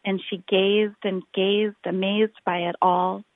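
A woman reading a children's picture book aloud, rhythmic and expressive, drawing out her phrases. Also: medium pitch, slow, no echo. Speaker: storyteller. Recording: tinny phone-like recording.

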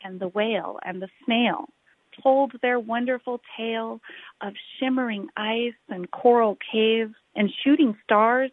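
Woman reading a rhyming picture book, slow and rhythmic, dry tinny sound. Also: mid-range voice, dry recording. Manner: expressive, rhythmic read-aloud with drawn-out phrases. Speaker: storyteller. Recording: tinny phone-like recording.

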